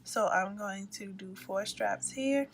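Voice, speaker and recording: Woman, sleepy crochet tutorial host, slow unhurried delivery, phone recording with faint room noise. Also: medium pitch. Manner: relaxed, rambling, apologetic asides, trails into whispers. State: sleepy, yawning.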